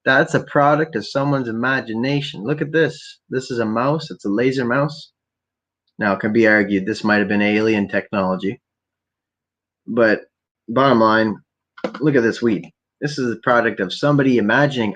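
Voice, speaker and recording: A man's voice: medium pitch, normal speed, fairly bright tone. Rambling, profane stoned man. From Canada. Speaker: podcast host. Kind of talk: rambling late-night solo stream. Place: home at night, keeping quiet for neighbors. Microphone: laptop.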